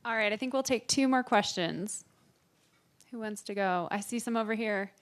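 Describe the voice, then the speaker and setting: A woman moderator briskly calling on the audience for questions. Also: medium pitch.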